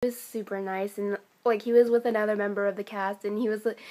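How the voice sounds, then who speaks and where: A teenage girl from the United States telling a casual vlog story, chatty and excitable, full of "like" and "um". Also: mid-range voice, fast talker. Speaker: vlogger.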